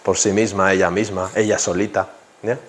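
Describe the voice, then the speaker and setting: A man's voice: low voice, flat delivery, fast talker, slight background noise. A man teaching an English grammar class in a classroom, repeating example sentences and asking students questions.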